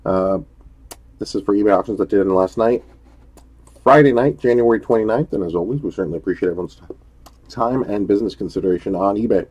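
A man's voice: fairly low pitch, fast talker, darkish tone, slightly rough, rough recording. A man hosting a live-streamed trading card break, chatty and upbeat, greeting viewers by name as he opens packs.

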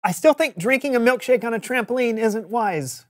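A woman's voice: a little high, animated, moderate pace. A woman playing a cheerful contestant in a children's church lesson. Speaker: game contestant in kids' lesson.

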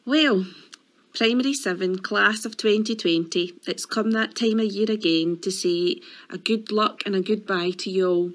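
Proud teacher, steady voice. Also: female voice, mid-range voice, normal speed, slight background noise. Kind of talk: farewell speech to leaving pupils.

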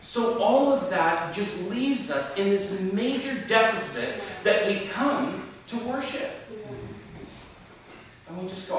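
A high-voiced pastor delivers a joking, sarcastic sermon. His bright, sharp voice rings around a large hall, picked up from far off by the mic, with plenty of echo. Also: measured pace. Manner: sarcastic, animated, mocks church habits. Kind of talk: humorous sermon.

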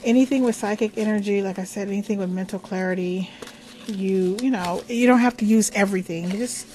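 An older woman hosting a casual craft tutorial, chatty and rambling, with self-affirmations and the odd soft whisper. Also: medium pitch, a little fast, faint music behind. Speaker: craft and magic video host.

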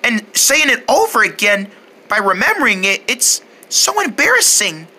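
A sulky young girl cricket from a children's cartoon, played by a woman. She talks in a high, pouty whine with a bright, breathy edge. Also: very animated, normal speed, exaggerated voice. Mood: upset.

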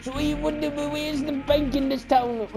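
A man's voice: very high voice, little pitch movement, unhurried, pitched above the performer's own voice. A man voicing a rowdy, drunken Irish brawler with a put-on Irish accent, slurring and rambling over game music. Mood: belligerent. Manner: slurred, belligerent, rambling about drink. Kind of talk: gameplay commentary in a put-on voice.

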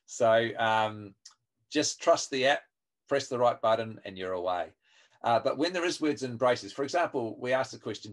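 A man leads an online training session over a video call microphone. His pitch sits in an ordinary middle range. He talks in a friendly, chatty way, full of fillers, restarts and asides to the group. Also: animated, moderate pace. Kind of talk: online webinar teaching.

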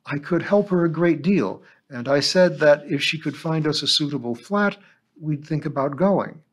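A man's voice: on the high side, animated, normal speed, pitched above the performer's own voice. A man voicing a nervous grandmotherly schoolteacher. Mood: anxious. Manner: hesitant, fretful. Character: nervous middle-aged woman schoolteacher, grandmother.

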